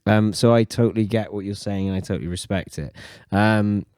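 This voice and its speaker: A Welsh man hosting a podcast, chatting in an animated way. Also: lowish voice, a little fast, no echo, studio quality. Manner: animated, jumps into mocking voices. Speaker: podcast host. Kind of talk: casual podcast chat.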